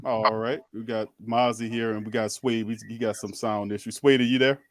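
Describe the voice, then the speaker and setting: A man's voice: fairly low pitch, level tone, moderate pace. A man hosting a casual sports talk stream, laid-back, slangy and chuckling. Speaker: podcast host.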